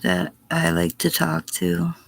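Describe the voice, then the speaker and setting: A woman's voice: lowish voice, monotone, takes it slowly. A middle-aged woman on a casual livestream answering chat, blunt and profane, sometimes dropping to a whisper. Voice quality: gravelly, husky.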